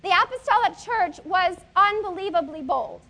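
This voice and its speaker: A woman in her thirties preaches with a very high, bright voice. She tells the story with animation and keeps asking the congregation questions. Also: animated, moderate pace. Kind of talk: sermon.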